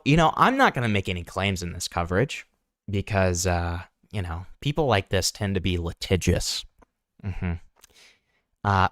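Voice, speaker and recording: A man's voice: fairly low pitch, dry recording, studio quality. A young man hosting online commentary, sarcastic and pointed, asking rhetorical questions. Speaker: commentary channel host.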